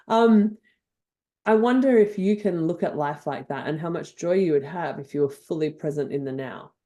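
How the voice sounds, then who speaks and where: An older woman with an Australian accent, a guest on a podcast interview, telling stories in an effusive, animated way. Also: on the low side. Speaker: guest NLP trainer.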